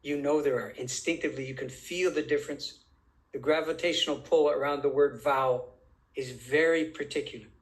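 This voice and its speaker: A man's voice: medium pitch, steady tone, rough recording. A man speaking as an interview guest, making his point emphatically and drawing out phrases as he poses rhetorical questions. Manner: deliberate, drawn-out phrasing. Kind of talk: conversational interview.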